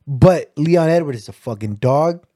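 A man with a slightly higher pitch and a mellow, warm tone talks eagerly about fighters. The recording is dry and close. He keeps tossing in shout-outs and filler check-ins. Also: expressive, moderate pace, no room sound. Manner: hyped, gives shout-outs, keeps saying "you know what I'm saying". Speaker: podcast co-host. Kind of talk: casual chat.

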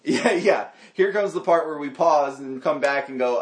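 A man hosting a podcast in casual banter, animated and quick to laugh, trailing off and restarting sentences. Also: on the high side. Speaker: podcast host. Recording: roomy echo.

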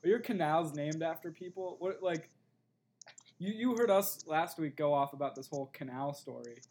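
A young man with a Buffalo, New York accent chats casually as a podcast co-host. He talks haltingly, restarting his sentences and laughing easily. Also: on the high side, a little mellow, slight background noise. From Buffalo, New York area. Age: young adult. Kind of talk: casual chat.

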